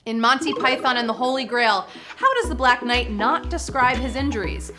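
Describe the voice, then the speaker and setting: High bright lady running a trivia show, giggly, chatty, music faint behind. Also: moderate pace. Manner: playful and giggly, chatty asides; upbeat and excitable. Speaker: trivia game show host. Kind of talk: live trivia show hosting.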